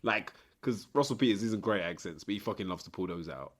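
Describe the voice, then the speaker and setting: A man's voice: sits low, lively intonation, fast. A man co-hosting a podcast, blunt and sweary, laughing often. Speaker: podcast co-host. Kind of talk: casual chat.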